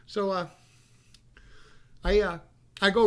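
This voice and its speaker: A man's voice: high-pitched, fairly even intonation, unhurried, creaky, long pauses, fairly bright tone. A man telling a rambling, folksy childhood story, often repeating himself. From North Carolina. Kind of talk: casual storytelling.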